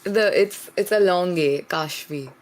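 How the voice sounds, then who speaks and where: A woman's voice: on the low side, normal speed. A nineteen-year-old woman with an Indian English accent, chatting as a guest in a friendly way and laughing easily. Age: late teens. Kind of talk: casual interview chat.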